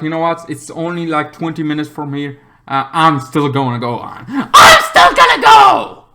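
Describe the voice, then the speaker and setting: Young man, vlogger, very bright, sharp tone, rambling and swearing, erupts into loud shouts. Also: on the high side. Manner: rambling, filler-heavy, swears a lot, bursts into shouts. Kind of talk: rambling casual vlog storytelling.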